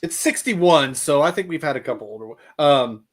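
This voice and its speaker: A man hosting a casual book chat, enthusiastic and halting as he talks, often repeating words. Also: a little high, animated, soft background music. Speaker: podcast host.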